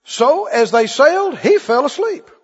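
A man's voice: very high voice, very animated, unhurried, big-room sound, dull audio. A man preaching a sermon, firing repeated questions at his congregation. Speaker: pastor.

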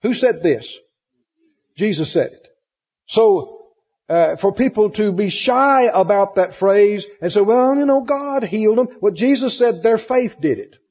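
Emphatic high-voiced preacher in a reverberant hall. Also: male voice, expressive, unhurried, darkish tone, husky. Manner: emphatic, repetitive, asks the congregation questions. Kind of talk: sermon. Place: church hall with congregation. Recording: muffled recording in a hall with long reverb.

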